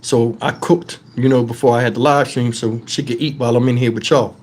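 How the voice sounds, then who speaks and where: A man's voice: mid-range voice, a little fast, a little hiss or hum. A man hosting a live stream, telling casual profane stories and laughing along. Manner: animated, profane, laughs through his stories.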